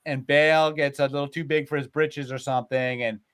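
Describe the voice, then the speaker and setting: A man retelling old myths in a casual, animated way, with lots of filler words, as a podcast host. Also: fairly high pitch, a little fast, clear, resonant tone. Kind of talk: casual storytelling chat.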